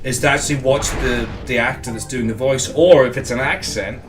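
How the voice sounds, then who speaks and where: A man's voice: medium pitch, fairly even intonation, fairly quick, music in the background. Joking Scottish man, distant mic. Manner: joking, swears freely. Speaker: co-host, actor. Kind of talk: casual chat while playing a game.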